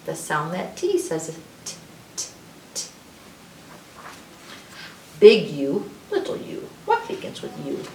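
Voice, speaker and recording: A woman reading an alphabet picture book aloud to children, with drawn-out letter sounds. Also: on the low side, huge pitch swings, roomy sound, far from the mic, a little hiss or hum, poor audio. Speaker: librarian storyteller.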